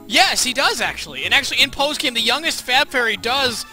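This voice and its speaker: A man's voice: very high voice, lively intonation, a little fast, bright, forceful tone, faint music behind. A man streaming a video game with a cold, giggly and playful as he chats with his viewers. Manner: giggly, playful, chatting with chat. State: has a cold. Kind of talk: casual game commentary.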